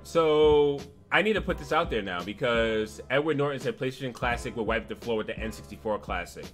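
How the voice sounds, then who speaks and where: A man hosting a casual gaming podcast livestream, animated, laughing often and reading out donations. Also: mid-range voice, fairly quick, faint music behind. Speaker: podcast host.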